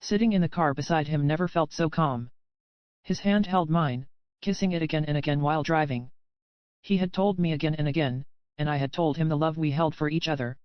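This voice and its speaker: A man reading a first-person romance audiobook in an even, measured way. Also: a little high, clean tone, no room sound, dull audio. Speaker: audiobook narrator. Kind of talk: scripted first-person narration.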